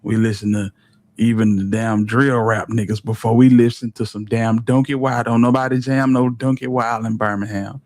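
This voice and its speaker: A man's voice: mid-range voice, flat delivery, moderate pace, darkish tone, dry recording. A man from Alabama, talking casually and wryly as a commentary host. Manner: wry, disbelieving, conversational.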